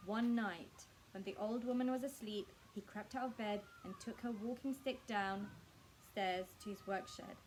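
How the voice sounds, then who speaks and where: A woman reading a children's book aloud in a staff room, expressive and speaking directly to her young listeners. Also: a little high, slight background noise, rough recording. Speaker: storyteller.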